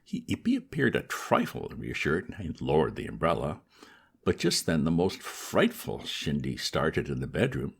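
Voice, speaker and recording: Deep voiced guy reading a funny book, lots of up and down in his voice. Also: huge pitch swings, measured pace, gravelly, slightly rough. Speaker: audiobook reader. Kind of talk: scripted narration.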